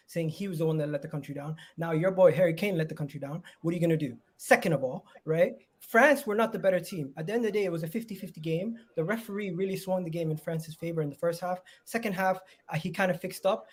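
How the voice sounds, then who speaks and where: A man with a notably high voice who talks very fast as a caller on a live stream. He argues and teases without backing down. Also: husky. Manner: teasing, argumentative. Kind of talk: heated live stream chat.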